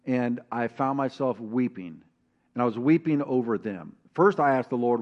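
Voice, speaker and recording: A man preaching a sermon as pastor, telling a personal story and reading scripture, animated and calling on the congregation to answer back. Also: medium pitch, normal speed, dull audio. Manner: animated, calls for congregation responses.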